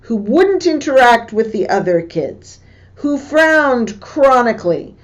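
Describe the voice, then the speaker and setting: A woman teacher reading a book passage aloud and stopping to explain what words mean, in a slow, deliberate way. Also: a little high, sing-song. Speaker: English teacher.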